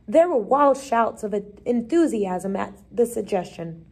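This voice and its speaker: A woman reading a children's chapter book aloud, giving the characters short lively voices, with the odd slip and restart. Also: a little high, unhurried, slightly rough. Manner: lively, brief changes of voice for the characters, occasional slips and restarts. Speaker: reader. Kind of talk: storybook read-aloud.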